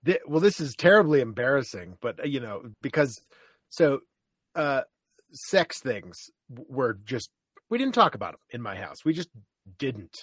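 Halting, self-deprecating man, dry close mic. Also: medium pitch, big pitch swings, husky, dry recording. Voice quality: hesitant, many restarts and self-deprecating asides. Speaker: podcast co-host. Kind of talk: candid casual chat.

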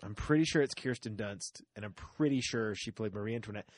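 A man's voice: fairly low pitch, brisk, dry recording. A man chatting casually as a podcast co-host, rambling with many fillers and now and then putting on playful accents. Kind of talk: casual crude banter.

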